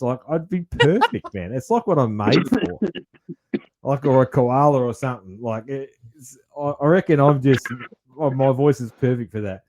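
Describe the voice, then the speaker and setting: A man's voice: medium pitch, a little mellow. A man with an Australian accent, co-hosting a podcast in a rambling, laid-back casual chat and swearing now and then. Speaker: podcast co-host.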